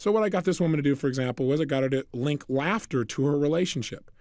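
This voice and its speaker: A man giving a motivational talk, telling energetic stories and acting out the dialogue. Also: fairly high pitch, quick pace, no echo. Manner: energetic, storytelling, acts out dialogue. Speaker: motivational speaker.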